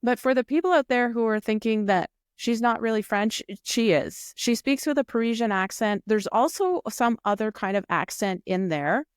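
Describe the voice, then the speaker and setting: A woman co-hosting a casual show recap, explaining her views in a thoughtful, measured way. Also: fairly high pitch, smooth, no echo, studio quality. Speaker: recap podcast co-host. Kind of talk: casual chat reviewing a reality show.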